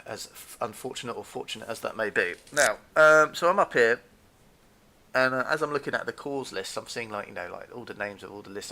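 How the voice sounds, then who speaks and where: A man telling a story in a casual, animated rant, repeating himself and acting out what people said. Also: lowish voice, vocal fry, a little hiss or hum. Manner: animated, repeats himself, acts out quoted dialogue.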